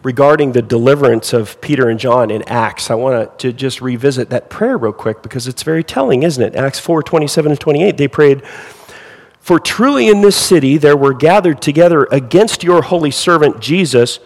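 A man preaching a sermon with lively rhetorical questions to his congregation. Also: mid-range voice, normal speed, long reverb tail, rough recording. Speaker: pastor.

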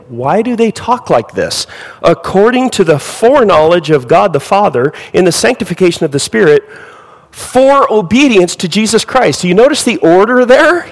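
Male pastor, sermon, fairly high voice with very lively pitch, asks rhetorical questions, long hall reverb. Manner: animated preaching, rhetorical questions.

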